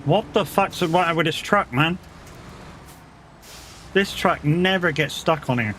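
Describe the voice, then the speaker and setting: Sweary English streamer bantering with chat. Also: male voice, on the high side, unhurried, a bit bright, slight background noise. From England. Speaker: live streamer. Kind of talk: casual chat while gaming.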